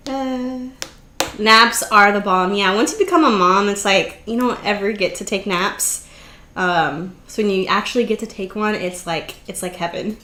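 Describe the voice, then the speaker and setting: A woman's voice: medium pitch, measured pace, sharp tone. A woman hosting a casual live stream, chatting easily, greeting viewers by name and laughing often. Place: home craft room. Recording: roomy echo.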